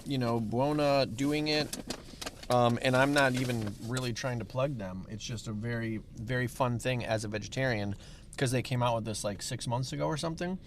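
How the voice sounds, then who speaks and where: A middle-aged man with a Chicago accent talks in an easygoing way as a guest in a parked car, with a dry sense of humor. His pitch sits in the middle, and a faint noise runs behind him. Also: moderate pace. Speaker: musician guest. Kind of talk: casual chat in a car over food.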